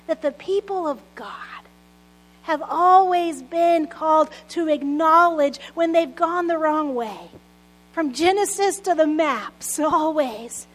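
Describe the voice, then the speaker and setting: A woman pastor in her late thirties preaches an earnest sermon in a bright, high-pitched voice, captured in a rough recording. She weaves prayer together with personal stories and soft laughs.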